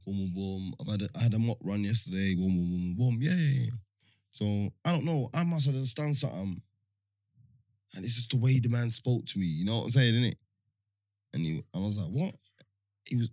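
A man's voice: on the low side, brisk, dry recording. A young man tells a slang-heavy story in casual chat, acting out the dialogue of the people in it. The sound is dry and close.

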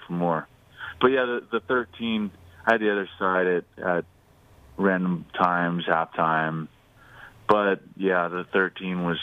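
A man's voice: deep voice, no echo. A man co-hosting a sports betting radio show, casual and teasing, laughing easily. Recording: dry phone-line sound.

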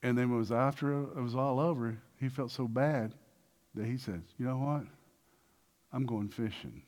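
A man preaching a sermon with lots of energy, acting out little dialogues and swinging between loud bursts and hushed passages. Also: mid-range voice, fairly even intonation, moderate pace. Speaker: pastor.

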